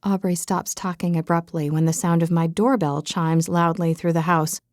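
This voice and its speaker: A woman's voice: fairly low pitch, fairly even intonation, moderate pace, a little mellow, dry recording, clean studio sound. A woman reading a first-person romance audiobook with a wry, comic storytelling manner. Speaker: audiobook narrator. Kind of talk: scripted first-person narration.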